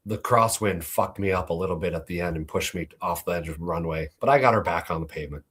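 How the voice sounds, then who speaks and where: A man's voice: low-pitched, fast talker, a bit bright, a little hiss or hum. A man hosting a show, telling a personal flying story in a laid-back, profane way. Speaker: host. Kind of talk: casual storytelling.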